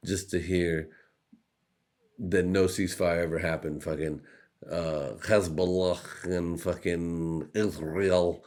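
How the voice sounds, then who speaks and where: A man's voice: low voice, fairly even intonation, normal speed, darkish tone. A young man hosting a podcast, rambling through a profane, jokey monologue that keeps slipping into put-on voices. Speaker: podcast host. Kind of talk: casual comedic monologue.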